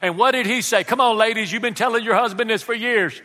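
A male pastor delivers his sermon in a high, ringing voice with a forceful edge. He presses each point and throws questions out to his listeners. His words carry a long reverb, as in a large church sanctuary. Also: fast. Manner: emphatic, calls out questions to the congregation.

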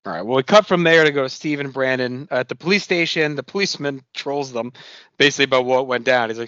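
A man's voice: medium pitch, a little fast, sharp tone, no echo. A male podcast host casually recapping a TV episode, loose and swearing now and then. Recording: dry, muffled podcast audio.

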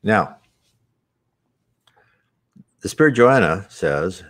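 A man's voice: low voice, lively intonation, normal speed. A man hosting an unscripted spiritual talk, earnest and rambling, with frequent restarts and asides.

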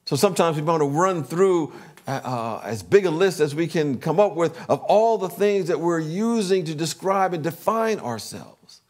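A man's voice: a little high, lively intonation, normal speed, darkish tone. A middle-aged man preaching a sermon in an earnest way, building up energy as he leads affirmations. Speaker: pastor.

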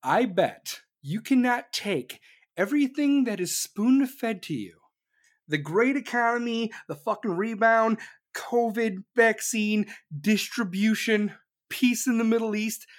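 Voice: medium pitch, animated, slow pace. A speaker acting out someone who dares a politician, drawing the words out in a taunting way.

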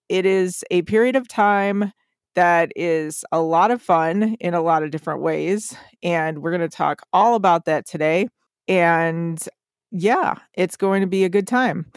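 A woman's voice: lowish voice, no echo, studio quality. A young adult woman hosting a podcast in casual chat, playful and giggly, often tripping over her words. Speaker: podcast host.

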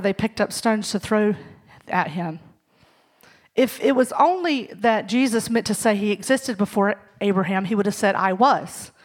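A woman teaching a sermon to a women's ministry service, earnest and emphatic, acting out the scripture dialogue as she goes. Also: mid-range voice.

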